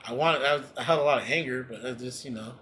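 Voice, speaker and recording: A man's voice: mid-range voice, fast talker, bright, forceful tone, slight background noise. A man co-hosting a casual podcast, telling stories in a loose, profane way. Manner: profane, storytelling, laughs often. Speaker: podcast co-host. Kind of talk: casual chat.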